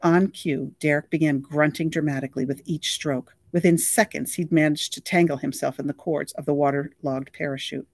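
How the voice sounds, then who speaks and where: An audiobook reader narrating a novel in a steady, even storytelling voice. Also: mid-range voice, moderate pace, hardly any pauses, dry recording.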